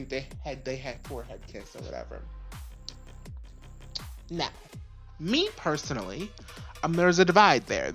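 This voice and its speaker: Low-voiced woman ranting a show review. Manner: animated, profane, exasperated ranting.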